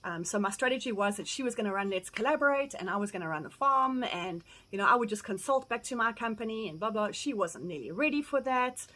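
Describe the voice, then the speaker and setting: A middle-aged South African woman giving candid, blunt advice, acting out quoted conversations with lively energy and casual swearing. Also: medium pitch, fast, hardly any pauses, poor audio. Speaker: farm vlogger. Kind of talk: candid personal advice talk.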